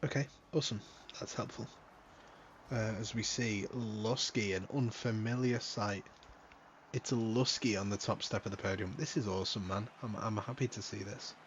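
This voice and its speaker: A man's voice: fairly low pitch, steady tone, moderate pace, dull audio, slight background noise. A man hosting a racing league stream in a casual, joking manner, swearing freely. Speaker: league host and commentator. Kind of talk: casual live-stream commentary.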